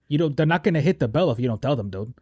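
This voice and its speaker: A man's voice: medium pitch, animated, racing, darkish tone, no echo, studio quality, close to an everyday voice. A man voicing a brash, pushy Italian-American mobster dad who swears and sounds exasperated.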